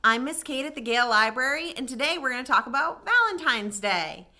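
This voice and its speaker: A woman working as a children's librarian, reading a picture book aloud with gentle, expressive storytime delivery. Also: sits high, brisk.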